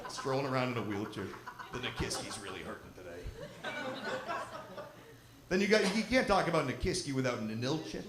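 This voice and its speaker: Working a lodge crowd with a handheld mic, this male comic talks briskly with big swings in pitch. His set is brash and full of swearing as he needles the audience and puts on drunk and squeaky voices. Laughter and other noise fill the roomy venue.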